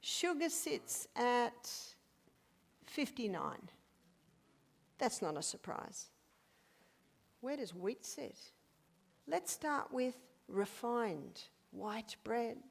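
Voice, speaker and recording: An older woman lecturing an audience on health. Her voice sits a little high, and she leans hard on rhetorical questions with lively swings in pitch. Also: creaky.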